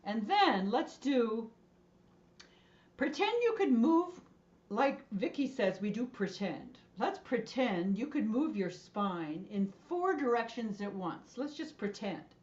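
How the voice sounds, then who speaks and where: High, slow, playful woman instructor. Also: big pitch swings, darkish tone, muffled recording. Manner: playful, encouraging, coaxing. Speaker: voice and choir instructor. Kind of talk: leading an online movement and singing class.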